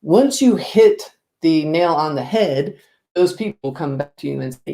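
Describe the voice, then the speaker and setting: A woman business coach giving an expressive, lively talk to the camera, asking the viewer direct questions. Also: sits low, moderate pace, vocal fry, roomy sound.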